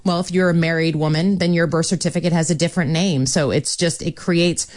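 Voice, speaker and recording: Low-voiced woman senator, earnest. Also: steady tone, darkish tone, no echo. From Michigan. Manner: measured, earnest, with frequent ums. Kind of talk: political interview.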